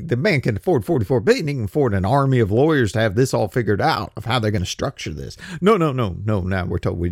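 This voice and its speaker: A man's voice: medium pitch, gravelly, a little mellow, dry recording, clean studio sound. A man giving casual, sarcastic commentary, full of rhetorical questions and stammered restarts. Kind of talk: casual political commentary chat.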